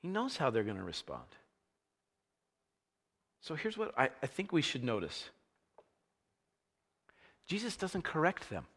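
A man delivers a sermon in a bright, forward voice. His pitch moves a lot as he retells the scene with growing energy. A long hall reverb trails every line. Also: unhurried, pauses often. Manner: animated storytelling, acting out scenes with rising energy. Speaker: pastor.

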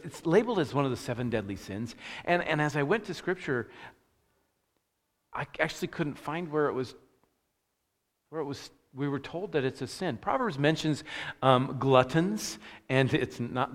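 A man preaches from the front of a church, his bright, forceful voice carrying a long reverb through the hall. He talks like a friendly pastor, trading stumbles and fillers for a relaxed, humorous storytelling style before settling into scripture. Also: fairly high pitch. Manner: self-deprecating storytelling, frequent restarts and fillers. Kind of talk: sermon.

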